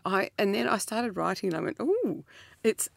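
A middle-aged woman, talking earnestly as an interview guest, laughing often and jumping up in pitch. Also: fast talker, gravelly, fairly bright tone, dry recording. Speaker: author guest. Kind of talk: reflective interview talk.

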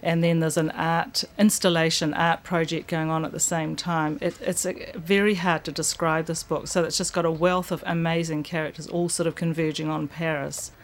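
A woman's voice: sits low, little pitch movement, normal speed, hardly any pauses. A woman, a bookshop owner talking enthusiastically about the books she sells. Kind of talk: recorded interview clip.

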